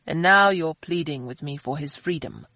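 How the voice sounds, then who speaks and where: A woman doing a gruff, brooding hungover man. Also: low voice, moderate pace, bright, forceful tone, no room sound. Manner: blustering, gruff outbursts.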